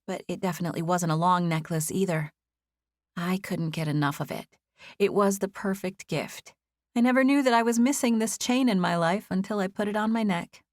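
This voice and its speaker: Low-voiced woman reading an audiobook. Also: no room sound, studio quality. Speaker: audiobook narrator. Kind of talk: scripted first-person narration.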